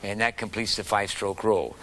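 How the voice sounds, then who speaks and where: Patient drum teacher counting out strokes. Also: male voice, on the low side, fairly even intonation, fairly quick, loud music behind the voice. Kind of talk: instructional drum lesson. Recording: drumming heard behind the voice. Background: snare drum rudiments played along.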